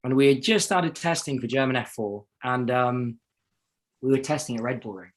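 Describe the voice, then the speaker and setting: A man's voice: mid-range voice, moderate pace. A young adult man from South Africa, a racing driver talking casually as an interview guest, rambling and self-deprecating with many restarts.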